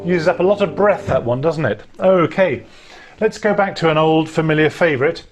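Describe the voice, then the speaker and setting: Man leading a choir warm-up. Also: fairly high pitch, moderate pace, over loud music. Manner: instructive, demonstrates sounds and lip trills. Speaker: choir director. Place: home during lockdown.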